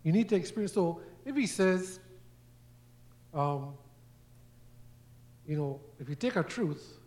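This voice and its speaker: A man's voice: a little high, lively intonation, slow pace, long pauses, a little mellow. A man preaching a sermon, telling everyday stories and acting out quoted voices, sometimes repeating words as he goes. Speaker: guest preacher. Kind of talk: sermon teaching.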